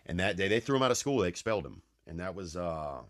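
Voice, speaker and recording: A man's voice: low voice, lively intonation, fast, fairly bright tone, no echo, clean studio sound. A man with a Southern US accent telling a comic childhood story on his podcast, rambling and restarting his sentences with slangy asides. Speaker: podcast host. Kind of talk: comedic storytelling.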